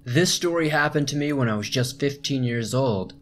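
A man reading out a first-person scary camping story as a narrator, measured and slowing down at the tense moments. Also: medium pitch, fairly bright tone. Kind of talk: scripted narration.

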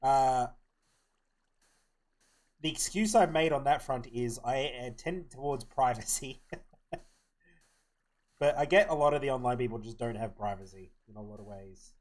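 A man's voice: medium pitch, moderate pace, long pauses. A young man streaming a game live, chatting casually and muttering his plans to himself as he plays. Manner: mumbling to himself, thinking aloud. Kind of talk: casual live-stream commentary while playing.

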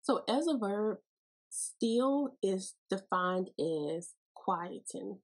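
Woman podcast host, Bible teaching, folksy and playful, breathy tone. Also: mid-range voice, lively intonation, drawn-out words, low-quality recording.

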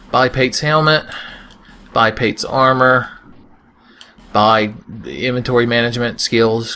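A man's voice: on the low side, bright, forceful tone, slight background noise. A young man giving casual, joking gameplay commentary with crude humor, often slipping into silly voices. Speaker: let's play host.

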